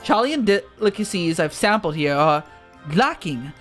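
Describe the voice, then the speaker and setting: A man's voice: sits high, big pitch swings, a bit bright, faint music behind, heavily acted. A man voicing a spoiled, pompous young nobleman with a nasal, whining voice, reading game dialogue aloud. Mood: complaining. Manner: haughty, drawn-out complaining.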